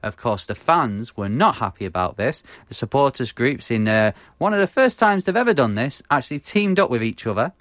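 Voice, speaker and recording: A man's voice: mid-range voice, very animated, a bit bright, dry recording, clean studio sound. Chatty British man with lots of fillers. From United Kingdom. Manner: halting, many fillers, laughs at own mispronunciations. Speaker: podcast co-host. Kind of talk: casual football podcast chat.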